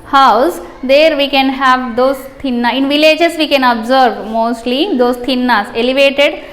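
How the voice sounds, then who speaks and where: Indian English woman, Telugu native, high voice; English tutor who defines words and repeats herself. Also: unhurried. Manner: explains each word, repeats, checks with "right?". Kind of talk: classroom explanation of a story.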